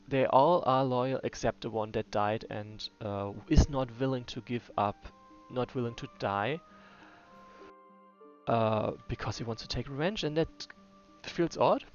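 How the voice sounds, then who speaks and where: A man giving casual gameplay commentary, thinking aloud with many fillers and restarts. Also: medium pitch. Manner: muses to himself, hesitant with many fillers. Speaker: game player. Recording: dull lo-fi voice with faint music.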